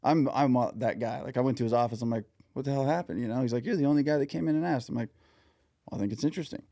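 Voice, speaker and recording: Male podcast host, mellow dark tone, dry close sound, chatty storyteller. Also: mid-range voice, racing, no room sound. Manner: chatty, swearing anecdotes. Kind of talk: casual interview chat.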